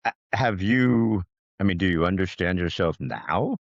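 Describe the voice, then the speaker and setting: A deep-voiced man hosting a podcast, upbeat and chatty, his voice swinging up and down with lively energy. The sound is dry and a little dull, with a lo-fi edge. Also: measured pace, dry recording. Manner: upbeat and enthusiastic. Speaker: podcast host. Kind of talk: casual interview chat.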